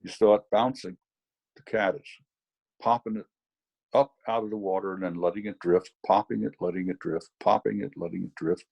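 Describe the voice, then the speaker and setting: A man's voice: low-pitched, fairly even intonation, moderate pace, vocal fry, darkish tone, highs cut off. A man teaching fly fishing over a video call, telling a rambling story full of fillers. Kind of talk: anecdotal teaching demo.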